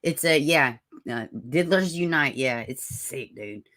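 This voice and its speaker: A woman hosting a live stream with a raspy voice, chatting casually, greeting viewers by name and reading out news. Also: deep voice, expressive, measured pace, fairly bright tone. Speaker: livestream host.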